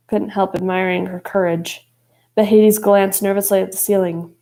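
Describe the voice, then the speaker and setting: Woman reading an audiobook with mellow tone. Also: mid-range voice, brisk, poor audio. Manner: expressive, voices each character. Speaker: audiobook reader. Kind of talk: audiobook narration.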